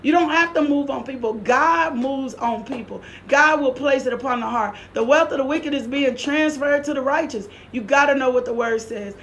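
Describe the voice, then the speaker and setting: A woman's voice: high-pitched, normal speed, few pauses, a bit bright, a little hiss or hum. A middle-aged woman preaching a sermon, fervent and exhorting, repeating her lines with bursts of laughter.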